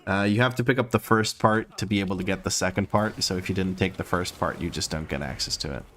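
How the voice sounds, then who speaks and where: A man with a slightly low voice chats his way through a live game stream at home. He talks loosely and playfully, narrates his moves as he goes, and laughs easily. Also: fast, fairly bright tone, a little hiss or hum. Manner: chatty and playful, laughs often, thinks aloud. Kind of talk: casual live-stream chat while gaming. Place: home room.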